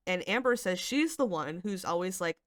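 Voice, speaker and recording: A woman who hosts a commentary channel reads through screenshots and reacts in a rambling, exasperated, critical way, hedging constantly and leaning on fillers. Her voice is on the low side and expressive, at a normal speed, with a dry, clean studio recording.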